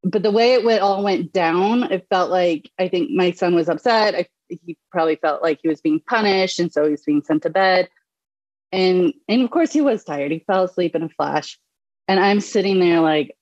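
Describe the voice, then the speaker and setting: Chatty mom with a lower voice. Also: female voice, normal speed, darkish tone, no room sound, dull audio. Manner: chatty, many fillers and restarts. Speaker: podcast host. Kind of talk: casual conversation.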